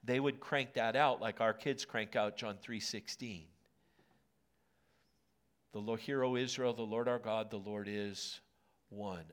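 A male pastor preaching a sermon in a church auditorium, moving from hushed lines to emphatic ones. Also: fairly low pitch.

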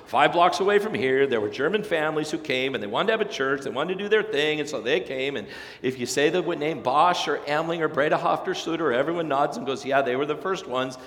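A man preaching a sermon as pastor, swelling to loud emphatic peaks and dropping soft again, with folksy storytelling asides. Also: a little high, lively intonation, fairly quick. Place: church sanctuary. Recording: long church reverb.

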